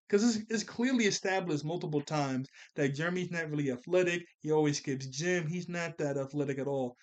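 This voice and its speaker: A young man talks through a cartoon episode in a relaxed, slangy review style. His voice sits a bit high for a man. He gets animated and breaks into laughter as he recaps. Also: a little fast.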